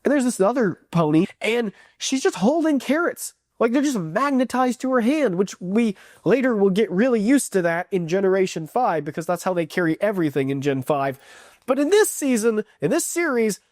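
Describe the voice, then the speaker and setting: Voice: medium pitch, big pitch swings, normal speed, a little mellow, no echo, studio quality. A reviewer in a casual video review who talks enthusiastically, rambles and acts out quotes.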